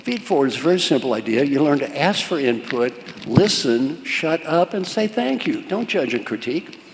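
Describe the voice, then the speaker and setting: A man's voice: a little high, sing-song, normal speed, creaky. An older man giving a leadership coaching talk to a live audience, with punchy, repeated instructions and questions thrown at the crowd. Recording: long hall reverb, faint room noise.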